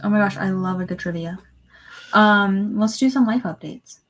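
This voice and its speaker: A woman co-hosting a casual podcast chat, talkative and quick to laugh while telling stories. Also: mid-range voice. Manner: chatty, laughs easily, tells stories. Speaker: podcast co-host.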